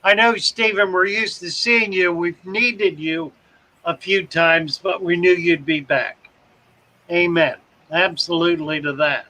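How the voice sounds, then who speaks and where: In a rough recording, a man keeps a casual livestream going by naming viewers, reading their comments, and making self-deprecating jokes as he rambles. His high-pitched voice holds steady at a measured pace, sounding pushed and bright.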